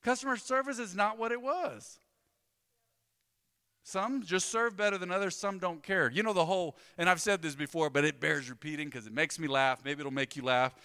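A man, a pastor preaching a sermon in a conversational, joking way with animated storytelling. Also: sits high, normal speed, smooth, in a large hall.

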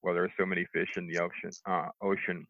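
A middle-aged man telling how he recovered from a stroke, halting, with lots of restarts and fillers. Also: deep voice, flat delivery, no room sound. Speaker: stroke survivor interviewee. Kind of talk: telling his own recovery story. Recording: tinny phone line, dry.

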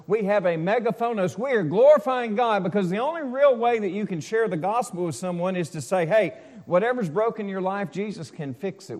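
A male pastor giving a sermon in a casual, storytelling way, moving between loud proclaiming and soft asides. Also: high voice, big-room sound. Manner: conversational preaching with asides and stories, swings loud and soft.

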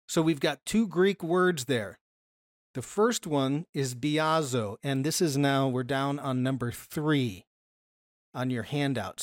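A Bible study teacher giving a casual lesson from slides, asking questions and answering them, and slowing down to stress key words. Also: medium pitch, dry recording, studio quality. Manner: explains patiently, often asks questions and then answers them.

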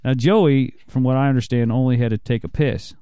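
A man's voice: medium pitch, brisk, mellow, smooth, dry recording, clean studio sound. A man telling a long crude story in casual chat, rambling, swearing and laughing often as he goes.

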